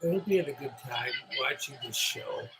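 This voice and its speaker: Man, middle-aged, from upstate New York, rambling live-stream host, slightly tipsy, crisp bright tone. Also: medium pitch, lively intonation, moderate pace, slight background noise, poor audio. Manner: rambling, chatty, loose.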